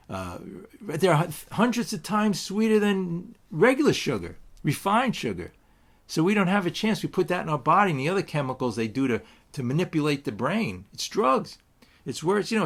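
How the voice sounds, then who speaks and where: A man talks loosely about recovery and spirituality, the way someone does at a twelve-step meeting. He restarts his sentences often and wanders off into asides. He drops into little acted-out quotes while telling a story. His pitch sits in an ordinary middle range for a man. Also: a bit bright. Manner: rambling, many restarts and asides; tells stories with acted quotes. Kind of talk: casual spiritual talk.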